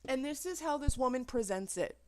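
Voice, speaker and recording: A woman's voice: sits high, animated, fairly quick, a little mellow, no echo. A woman making a reaction video, ranting with indignation and swearing freely in casual commentary.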